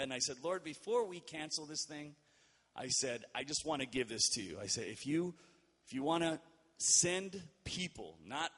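A man's voice: medium pitch, a bit bright, long reverb tail. A man pastor giving a sermon in a casual, storytelling way, often checking in with the congregation. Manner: conversational, checks in with "all right?".

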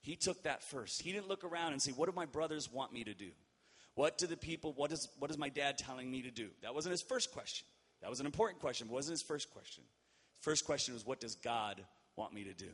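A man pastor delivers a sermon as a relaxed story, talking straight to his congregation. He often stops to check in with them. His voice rings in a reverberant church hall. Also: fairly high pitch, quick pace, slightly rough. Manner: conversational, checks in with "all right?".

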